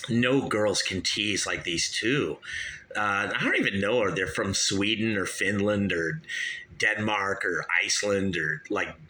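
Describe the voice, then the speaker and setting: A man's voice: sits low, bright, forceful tone. Rambling chatty man in his fifties. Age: 50s. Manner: rambling, chatty, keeps saying "you guys". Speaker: show host. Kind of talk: casual music review monologue.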